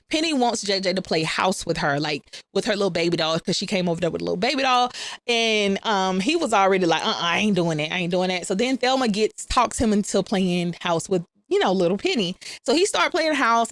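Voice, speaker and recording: A woman's voice: medium pitch, dry recording. A woman host casually retelling a TV episode, chatting to her viewers and acting out the characters' lines in slangy, informal talk. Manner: chatty, addresses viewers as y'all; playfully acts out the characters' lines. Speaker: recap channel host. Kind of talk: casual storytelling recap.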